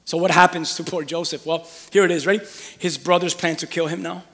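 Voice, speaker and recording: Preacher guy telling a bible story, lively and acting it out, high voice, big echoey hall. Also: a little fast. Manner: animated storytelling, acting out the scenes. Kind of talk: sermon.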